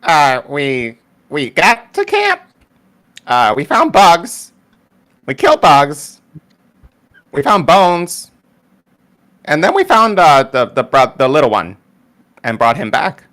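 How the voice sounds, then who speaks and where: A man's voice: a little high, huge pitch swings, slow, pauses often, fairly bright tone, voice pushed up, heavily acted. A man doing a blunt, simple-minded adventurer. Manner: terse, clipped short sentences.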